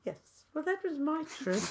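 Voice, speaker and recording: A woman improvising a comedy chat in character, telling stories in an excitable, theatrical way with sudden squeals. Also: high-pitched, slight background noise. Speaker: comic co-host in character.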